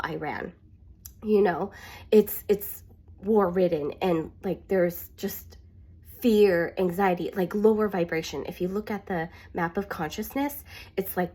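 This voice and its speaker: A woman's voice: on the low side, darkish tone, slightly rough. A woman in a casual spiritual monologue, earnest and rambling, with many fillers. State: getting emotional. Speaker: spiritual vlogger.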